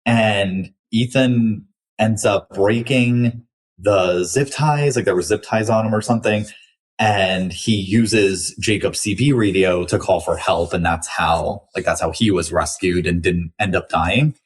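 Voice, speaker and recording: A man's voice: fairly low pitch, unhurried, breathy edge. A young man hosting a book podcast, chatting casually through a review with lots of likes and restarts.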